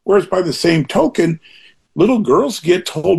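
A man's voice: sits high, animated, normal speed, creaky, breathy edge. An older man talking as an interview guest, earnest and rambling, often restarting and going off on asides. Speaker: author guest being interviewed. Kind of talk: reflective interview talk.

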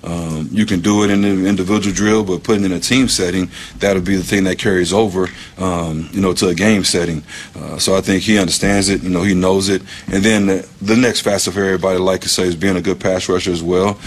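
A man, a football coach, answering interview questions in a measured way with plenty of ums and you knows. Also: low voice, fairly even intonation, slight background noise.

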